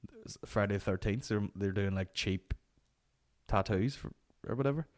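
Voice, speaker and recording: Swearing podcast host. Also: male voice, fairly low pitch, moderate pace, a little mellow. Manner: profane, rambling anecdotes. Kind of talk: comic storytelling.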